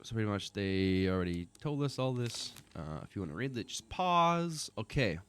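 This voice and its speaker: A man's voice: lowish voice, big pitch swings, moderate pace, fairly bright tone, clear, resonant tone. A man casually commenting on a game, reading its text aloud and dropping profane, offhand asides. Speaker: gamer playing an interrogation game.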